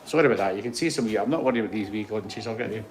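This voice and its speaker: Scottish guy in his 60s rambling on a walkabout vlog, lowish voice, outdoor noise all round. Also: very fast. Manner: chatty, rambling, self-deprecating. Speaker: vlogger. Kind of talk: casual walking tour vlog. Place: outdoor heritage museum grounds. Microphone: handheld phone on gimbal.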